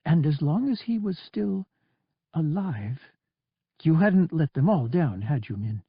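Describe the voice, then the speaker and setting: A young woman pilot, worried and angry at once, pleading and insisting, as a male audiobook reader voices her. The lifted voice swings widely and sounds a little husky. The recording is dry and dull. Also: a little high, big pitch swings, a little slow, no room sound, heavily acted.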